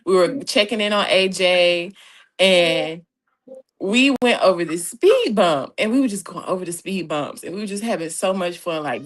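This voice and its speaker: A woman telling a funny anecdote in casual podcast chat, lively and laughing with frequent fillers. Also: on the low side.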